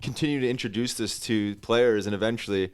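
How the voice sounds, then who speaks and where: A man co-hosting a podcast from a studio, relaxed and rambling with filler words. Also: on the low side, fairly quick, smooth. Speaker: podcast co-host. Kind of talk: casual podcast chat.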